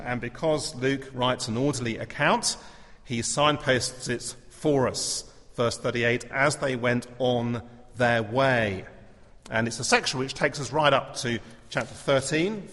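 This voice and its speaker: Man preaching in a reverberant church hall. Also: medium pitch. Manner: measured, earnest, gently humorous. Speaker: pastor. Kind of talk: sermon.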